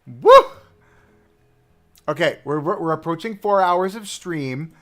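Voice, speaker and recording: A man live-streaming a park-building game, chatting and thinking aloud as he browses and places items, swinging between excited outbursts and low mutters. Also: normal speed. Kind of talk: casual live-stream commentary while building.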